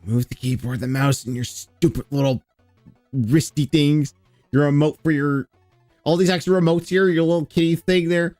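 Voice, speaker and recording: A man's voice: on the high side, steady tone, moderate pace, a little mellow, no echo, faint music behind. A man streaming a reaction, casually commenting with sarcasm, swearing, and laughter. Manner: sarcastic, swearing, laughing, mocking with mimicked quotes.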